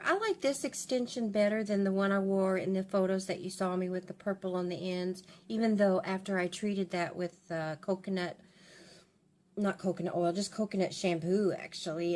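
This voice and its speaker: An older woman, a grandmother and beauty vlogger, chats casually while doing her hair for her vlog. Her medium-pitched, darkish voice rambles in a confiding way, with many restarts.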